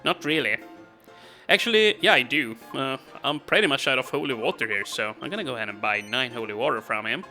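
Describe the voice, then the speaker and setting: A man's voice: medium pitch, lively intonation, fairly quick, pushed and bright, soft background music. A man casually commenting on a game he plays, chatty and rambling, with frequent laughs and fillers. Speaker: let's play commentator.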